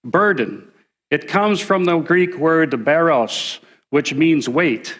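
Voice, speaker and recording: A man's voice: fairly high pitch, lively intonation, slow, a bit bright, echoey room. A man giving a sermon in a church, breaking it up with joking, self-deprecating asides. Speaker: guest preacher. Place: church sanctuary.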